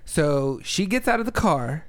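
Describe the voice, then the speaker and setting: A man's voice: on the high side, sing-song, measured pace. A man hosting a podcast, telling a story casually, cursing and restarting his sentences as he goes. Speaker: podcast host. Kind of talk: casual chat.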